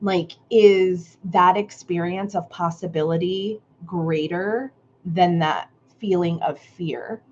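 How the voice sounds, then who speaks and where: A woman's voice: lowish voice, steady tone, slow pace, darkish tone, dull audio, slight background noise. A woman hosting a live creative workshop stream, greeting viewers by name and musing reflectively on their comments.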